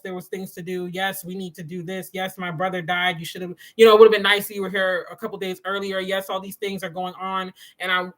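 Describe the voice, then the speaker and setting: A woman hosts a casual morning faith talk on a livestream. Her voice is bright and forward, and she chats in a loose, animated way. She often addresses her viewers directly and answers their comments. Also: mid-range voice, low-quality recording. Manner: chatty and animated, says "y'all" and "you know". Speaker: host of a morning devotional livestream.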